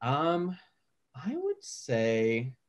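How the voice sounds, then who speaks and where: A young man co-hosting a casual podcast, his voice rising and falling in a lively, animated way. He talks in an easygoing manner, laughs along with his cohost and fills gaps with ums and likes. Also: medium pitch, extremely slow, muffled recording. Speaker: podcast co-host. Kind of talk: casual chat.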